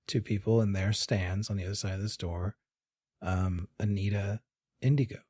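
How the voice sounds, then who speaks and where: A man narrating a tabletop game as game master, describing scenes in an unhurried way. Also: deep voice, darkish tone, no room sound, clean studio sound.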